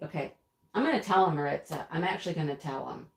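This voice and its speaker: A woman's voice: low voice, quick pace, vocal fry. A woman hosting a casual live stream, chatting, laughing often and reading out viewer comments. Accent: American. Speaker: livestream host. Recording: roomy echo.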